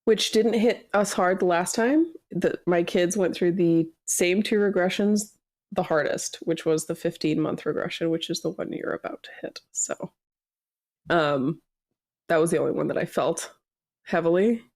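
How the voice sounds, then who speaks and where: Brief: woman in her thirties, podcast co-host, lively storyteller, slightly low voice, dry close mic. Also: normal speed, no room sound. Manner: animated storyteller acting out quotes. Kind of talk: casual chat.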